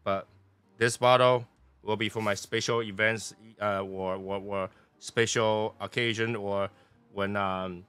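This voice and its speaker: A man's voice: fairly low pitch, steady tone, unhurried, fairly bright tone, clean tone, dry recording. A man from Taiwan, chatting through a casual review in a rambling, playful way. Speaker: cigar and spirits reviewer.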